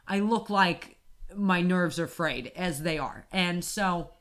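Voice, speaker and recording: A woman with a fairly low voice tells a long story in a casual back-and-forth. She sounds animated and exasperated, swears freely, and keeps stumbling over and restarting her sentences. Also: slow pace.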